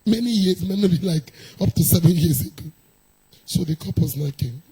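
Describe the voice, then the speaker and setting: A middle-aged woman, a pastor's wife telling a personal story in a sermon, animated and laughing often. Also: lowish voice, normal speed, breathy edge, low-quality recording.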